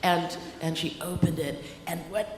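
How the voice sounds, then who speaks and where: A woman in her fifties, an author speaking at a live stage conversation, animated and laughing, breaking into comic shouts. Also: on the low side, moderate pace. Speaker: author on a panel. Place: large hall at a live event. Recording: echoey hall with background noise.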